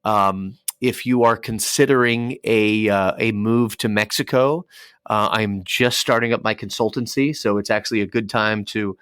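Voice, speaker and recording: A man, a radio DJ, chatting as a podcast guest and telling lively stories with acted-out dialogue. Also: on the low side, normal speed, clear, resonant tone, no echo, clean studio sound. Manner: animated storyteller acting out dialogue. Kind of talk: casual podcast interview.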